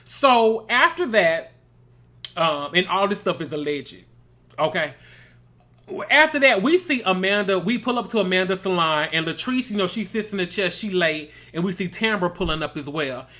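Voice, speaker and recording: A man's voice: sits high, expressive, moderate pace, bright, forceful tone. A man from Mississippi, hosting a casual, gossipy reality TV recap and calling listeners baby and girl. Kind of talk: casual review commentary.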